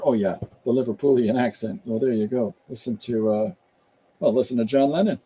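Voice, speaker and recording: A man's voice: mid-range voice, lively intonation, a little fast, warm tone, slight background noise. A man casually chatting on a live stream, rambling about accents and reading viewer comments aloud as he goes. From Canada. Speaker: comic artist hosting a live stream.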